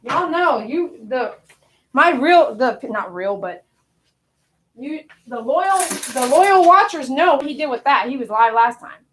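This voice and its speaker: A woman's voice: high-pitched, lively intonation, measured pace, fairly bright tone, a little hiss or hum. A woman dog groomer on a live stream, cooing affectionately as she talks to a dog. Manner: cooing, affectionate talk to a pet.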